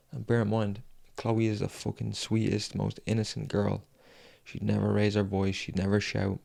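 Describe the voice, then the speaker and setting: Young man, very gravelly voice, dark mellow tone, frank confessional storytelling, halting with long pauses. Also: on the low side, completely flat delivery. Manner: raw, frank and heavy with swearing. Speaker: fitness vlogger.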